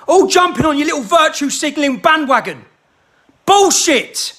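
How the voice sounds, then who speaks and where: A man delivering a heated, shouting rant to the camera. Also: extremely high pitch, sing-song, normal speed.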